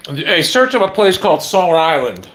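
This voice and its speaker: Lively, rambling man chatting casually. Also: on the high side, normal speed. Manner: blunt, profane, wanders between topics.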